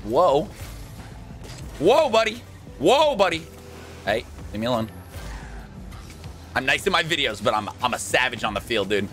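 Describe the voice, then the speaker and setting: A young man in casual, jokey gameplay commentary, excitable and quick to shout and laugh. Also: mid-range voice, soft background music. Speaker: gaming YouTuber.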